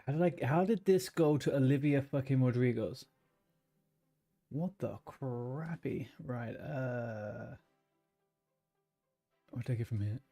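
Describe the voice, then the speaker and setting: A man's voice: medium pitch, slow pace, long pauses, dark tone, soft background music. A male streamer chatting casually while he plays, joking and rambling as he reads game text aloud. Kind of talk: casual gameplay chat.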